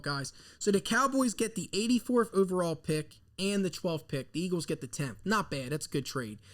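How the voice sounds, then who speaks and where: A man, hosting a live draft reaction stream and rambling nervously as an excitable fan into a desk mic. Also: high voice. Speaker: sports fan host.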